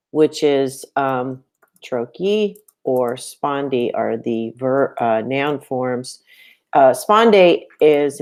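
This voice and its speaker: A middle-aged woman teaching poetry, recording spoken feedback for a student in a relaxed conversational way, filling pauses with "um" and tapping out meter aloud. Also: sits low. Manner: conversational, many "um"s, reads lines aloud and taps out meter.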